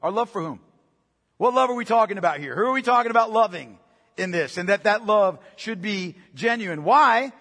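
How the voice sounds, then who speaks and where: A pastor preaching with a high, husky voice that rings through a long church reverb. He is earnest and emphatic, and he stacks up rhetorical questions for his congregation. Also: animated, normal speed, fairly bright tone. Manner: earnest, emphatic, asks many rhetorical questions, often adds "right?". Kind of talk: sermon. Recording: long reverb of a large hall.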